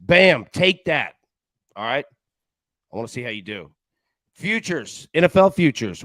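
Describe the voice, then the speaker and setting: A man's voice: fairly high pitch, a bit bright. A man hosts a live sports betting stream, rambling and cracking jokes as he reads the chat. His voice bounces up and down, full of life. The sound is dry and close, with no room echo. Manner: jokey, rambling, laughs often. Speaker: sports betting show host.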